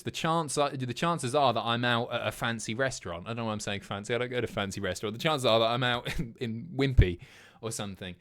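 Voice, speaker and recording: A man's voice: mid-range voice, fairly bright tone. English guy on stream chatting with chat, swearing a lot, mid voice. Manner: banters with chat, swears freely. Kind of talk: casual chat.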